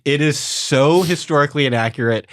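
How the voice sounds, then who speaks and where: A man hosting a church podcast, explaining things in animated, rambling casual chat. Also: a little high, a little fast, no echo, studio quality.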